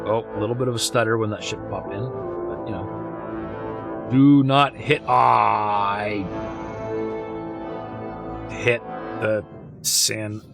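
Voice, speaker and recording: A man's voice: on the low side, steady tone, takes it slowly, creaky, pauses often, music in the background. A man chatting casually while he plays a space game live, joking and cheering his small wins. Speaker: streamer. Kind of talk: live gameplay commentary.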